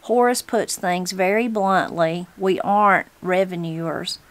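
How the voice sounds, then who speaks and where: A woman with a Southern Appalachian accent voicing a cheerful, smoothing-over man in his sixties in a storybook reading. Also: fairly low pitch, slow pace.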